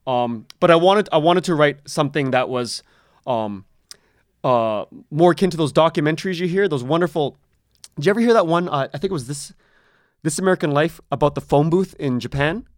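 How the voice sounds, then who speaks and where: Male guest, slightly high pitch, rambling storyteller, dry room, restarts a lot. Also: expressive, a little fast, no room sound. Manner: rambling, many restarts, laughs often. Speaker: podcast creator, interview guest. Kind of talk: casual conversational interview.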